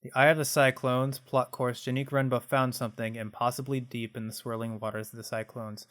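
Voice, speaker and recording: A man's voice: mid-range voice, little pitch movement, fairly quick, fairly bright tone. A man hosting a casual let's play, thinking aloud, reading menus, and making self-mocking asides. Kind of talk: casual gameplay commentary.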